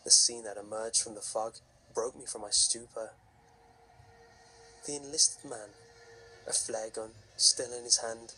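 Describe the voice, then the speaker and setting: Husky guy reading a creepy story super slow, sharp edgy tone. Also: lowish voice, rough recording. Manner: slow, measured, hushed delivery. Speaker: narrator. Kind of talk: scripted horror story narration.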